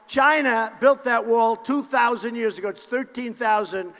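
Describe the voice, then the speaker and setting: Boastful high-voiced man at a rally. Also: fairly even intonation, normal speed. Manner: boastful, repetitive punchy phrases, bursts of shouting. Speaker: political candidate at a campaign rally. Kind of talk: campaign rally speech. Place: large indoor rally venue. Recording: long reverb of a large hall.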